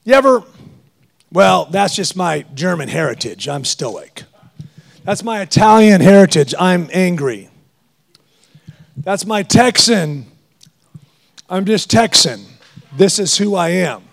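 A middle-aged man preaching a sermon, his voice pitched high with a gravelly edge. He tells animated stories and jokes, laughing as he goes. He delivers it as a guest preacher. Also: slow, long pauses.

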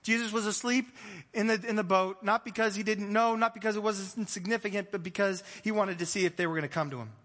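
High, bright-voiced preacher in a reverberant hall. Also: male voice, fast talker. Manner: animated, playful, acts out the disciples' voices. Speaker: pastor. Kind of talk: sermon.

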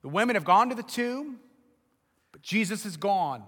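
A man preaching a sermon, telling the story dramatically and acting out the voices, building to shouts. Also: sits high, animated, normal speed, long reverb tail. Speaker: pastor.

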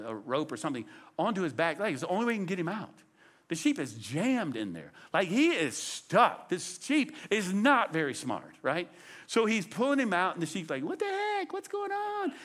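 Lively, animated man preaching. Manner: animated, conversational preaching with dramatic pitch swings. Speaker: pastor. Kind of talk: sermon.

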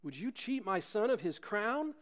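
A man's voice: sits high, very animated, moderate pace, a bit bright. A man voicing a fierce, devout peasant mother who scolds insistently in a sermon story.

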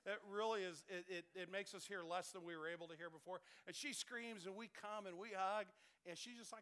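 A man in his fifties preaching a sermon as pastor, conversational and animated, often dropping to a soft calm voice. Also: high-pitched, fairly quick, clean tone. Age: 50s.

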